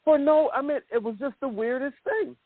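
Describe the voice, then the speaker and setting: Animated man coaching over a tinny phone line. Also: extremely high pitch, moderate pace, no room sound. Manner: animated, addresses listeners as millionaires. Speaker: self-development coach. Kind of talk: motivational call training. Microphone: phone call.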